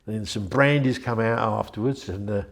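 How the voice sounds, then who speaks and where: A man's voice: lowish voice, moderate pace, vocal fry. An older man, chatty and rambling as he tells anecdotes in an interview. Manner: rambling, chatty, with frequent restarts. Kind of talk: anecdotal storytelling.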